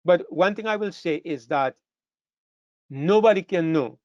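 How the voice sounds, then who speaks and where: A man with a fairly high voice preaches a sermon to a live congregation in a church hall, speaking at a measured pace in a slightly mellow tone. He is earnest, repeats phrases and rises to emphatic peaks. The sound is dull and dry, with no echo.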